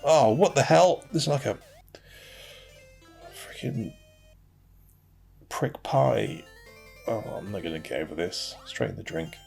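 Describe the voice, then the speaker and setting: British guy, gravelly lowish voice, offhand and wry gameplay commentary, faint game music under him. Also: very animated, slow, pauses often, darkish tone. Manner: grumbling, wry and offhand, with dry asides. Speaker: retro game reviewer.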